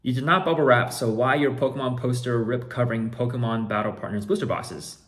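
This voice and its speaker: A man's voice: mid-range voice, a little fast, pitched above the performer's own voice, close to an everyday voice. A man voicing a pushy, indignant male scammer customer who makes demands in broken phrasing. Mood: demanding.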